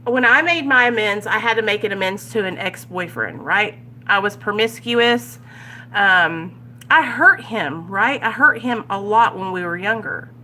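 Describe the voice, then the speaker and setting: A woman's voice: mid-range voice, measured pace, bright, forceful tone, a little hiss or hum. A woman leading a casual recovery study group, candid and conversational, often checking in with her listeners. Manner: candid, keeps checking in with "right?". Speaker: recovery vlogger leading a Big Book study. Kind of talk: casual chat.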